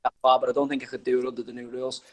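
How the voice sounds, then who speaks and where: A man's voice: mid-range voice, flat delivery, rapid-fire, rough recording. A man from England, a former footballer, talking as a guest in a casual interview, rambling with restarts and lots of "you know".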